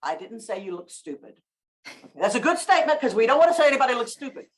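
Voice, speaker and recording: A woman podcast guest telling lively stories in casual chat, acting out examples with strong emphasis. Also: fairly high pitch, fast.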